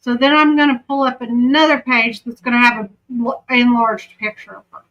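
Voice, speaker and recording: A woman's voice: on the high side, flat delivery, moderate pace, fairly bright tone, lo-fi sound. A woman with a Southern accent giving casual true crime commentary, chatty and often breaking off to aside. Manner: chatty, self-interrupting.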